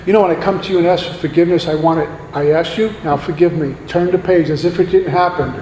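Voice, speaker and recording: A man gives an earnest, preacherly talk to a recovery meeting, piling up rhetorical questions. His voice sits high for a man and rings through a long-echoing hall. Faint noise hangs underneath. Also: fairly even intonation, fast talker, darkish tone. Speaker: guest speaker at a recovery meeting. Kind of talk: recovery meeting share, sermon-like.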